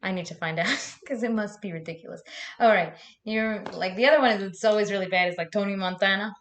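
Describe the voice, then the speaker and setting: A woman's voice: medium pitch, a little fast, fairly bright tone, a little hiss or hum. A young woman chatting casually on a live stream, laughing often and swearing freely.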